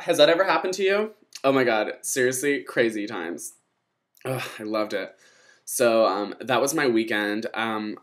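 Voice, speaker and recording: Young guy spilling club drama on his vlog, gossipy, swears a lot, mid pitch. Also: fairly bright tone. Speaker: vlogger. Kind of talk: casual storytelling vlog.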